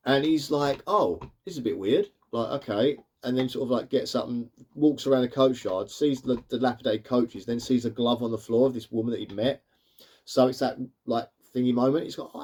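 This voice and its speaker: A man casually reviewing an old animated film, rambling along with lots of "sort of" and "like". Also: medium pitch, moderate pace. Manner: rambling, leans on fillers like "sort of" and "like". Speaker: cartoon reviewer.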